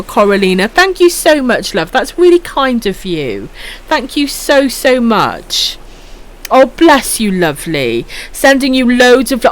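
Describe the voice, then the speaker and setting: Her voice sits on the high side, a little slow and sing-song. She's a giggly Welsh woman in her thirties on a late-night stream, reading chat aloud, cursing freely and calling her viewers pet names with real affection.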